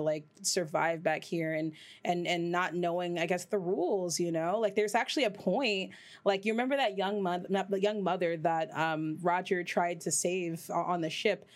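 A woman hosting a podcast, chatting casually and rambling, swearing freely, with her voice jumping up high when she gets worked up. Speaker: podcast host. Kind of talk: casual chat.

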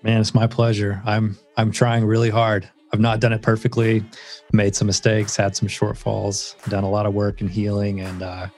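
Gravelly low earnest man. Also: completely flat delivery, moderate pace, darkish tone. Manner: earnest and reflective, with many filler words. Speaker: guest author. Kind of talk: casual interview storytelling.

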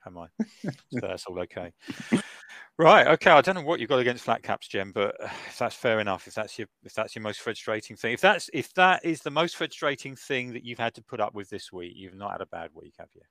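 A man's voice: lowish voice, animated, fairly quick, a bit bright, no echo. A middle-aged man hosting a casual podcast chat, laughing often. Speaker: podcast host.

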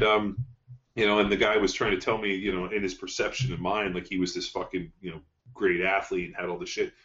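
Blunt, profane man with a deep voice. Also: a bit bright. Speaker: podcast host, strength coach. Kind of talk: casual podcast talk. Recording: dull, roomy studio sound.

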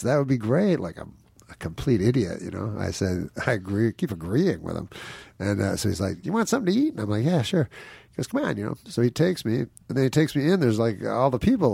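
A man's voice: fairly low pitch, gravelly, a little mellow, husky, no echo. A man, a guest comedian, telling a rambling anecdote, chuckling often and mimicking the people in it. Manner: meandering storyteller, chuckles often, mimics people in his stories.

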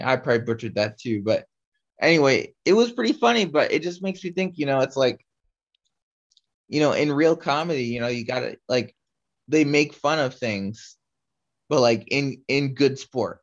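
A man's voice: mid-range voice, animated, normal speed. Young man rambling on a lo-fi podcast. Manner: rambling, many fillers and restarts. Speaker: podcast co-host. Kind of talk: casual chat. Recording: slightly dull lo-fi audio.

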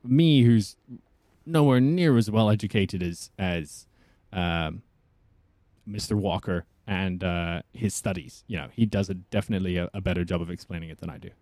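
Man, low voice, casual podcast chat, rambling with fillers, dry close mic. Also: moderate pace, a little mellow, no room sound. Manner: rambling, many fillers and restarts. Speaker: podcast co-host, voice actor.

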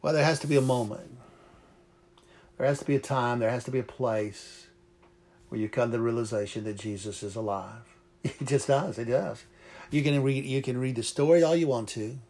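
A man's voice: medium pitch, normal speed, long pauses, darkish tone. Fervent male preacher. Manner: repeats phrases for emphasis. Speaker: pastor. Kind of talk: sermon.

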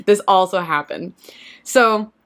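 Bright animated woman telling a funny story, laughing a lot. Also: mid-range voice, slow. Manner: animated, laughs often, acts out quotes. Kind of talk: casual anecdote storytelling.

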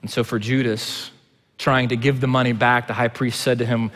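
A man preaching a sermon. He shifts between quiet, low passages and loud, impassioned stretches. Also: flat delivery, moderate pace. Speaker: pastor. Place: church sanctuary. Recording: long hall reverb.

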